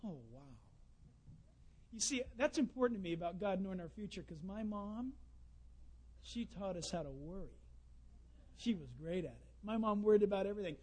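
A man preaching a sermon, telling folksy stories and swinging between loud bursts and hushed asides. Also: high voice, lively intonation, normal speed, pauses often.

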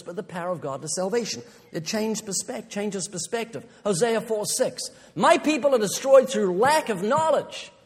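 Man, preacher, sermon, emphatic, deliberate, long hall reverb. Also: high voice, darkish tone. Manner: emphatic, slowing down for key points.

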